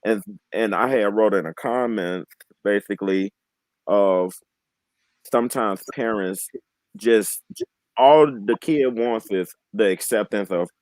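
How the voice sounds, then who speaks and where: A man in his late twenties with a fairly low voice speaks openly and from the heart as a panel guest. He is earnest and halting, and he restarts his sentences as he works through his thoughts. The sound is dry and close, with no room echo. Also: darkish tone. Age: 20s. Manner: heartfelt, emotionally open. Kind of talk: candid panel conversation.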